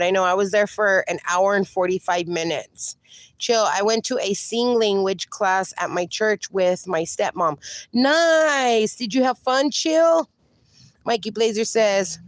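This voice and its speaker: A woman's voice: mid-range voice, no echo. A woman livestreaming in a casual, chatty way, reading viewer comments aloud and calling viewers darling. She is in some pain and sounds slightly strained. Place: outdoors.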